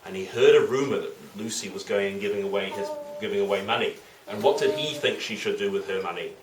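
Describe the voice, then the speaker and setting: A man's voice: lowish voice, quick pace, a crowd in the background. A man telling a legend to children, playful and full of questions to his listeners. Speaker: storyteller to children. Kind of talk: lively storytelling for children. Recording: roomy, distant, faint noise.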